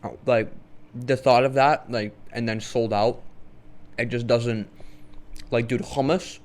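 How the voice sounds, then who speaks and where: A man's voice: mid-range voice, steady tone, slow pace, a little mellow. A man co-hosting a casual podcast, talking bluntly and swearing freely. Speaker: podcast co-host. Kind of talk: casual chat.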